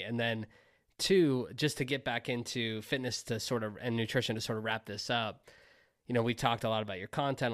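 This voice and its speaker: A man's voice: mid-range voice, a bit bright, dry recording. Affirming male podcast host, dry sound. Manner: affirming, says "I love that" often. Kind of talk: interview questions.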